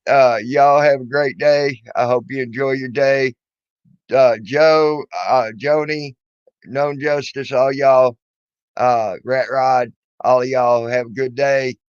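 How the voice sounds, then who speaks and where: A man's voice: mid-range voice, steady tone, slow pace, clean tone, no room sound. A middle-aged man hosting a livestream, chatting casually, swearing freely and often stammering over his words. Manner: laid-back, swears freely, stammers and repeats. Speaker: livestream host. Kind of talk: casual profane chat. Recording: dull, dry lo-fi audio.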